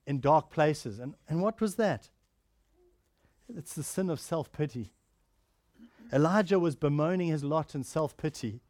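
Guy preaching a sermon, kinda high voice, gets loud then goes real soft, dry close sound. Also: no room sound. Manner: earnest preaching, rising to emphatic then dropping soft and quiet.

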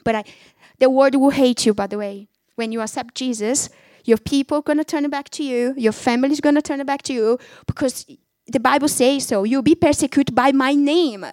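A woman's voice: high-pitched, normal speed, a little mellow, no echo, clean studio sound. A woman giving an emotional personal faith testimony, talking animatedly in conversational English with non-native phrasing.

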